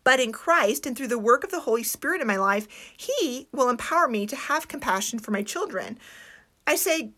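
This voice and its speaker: An earnest woman gives a reflective devotional talk to fellow homeschooling parents. Her voice sits a little high and sounds bright. It moves up and down a lot, and she slows down to stress her points. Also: lively intonation. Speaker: Christian homeschooling speaker.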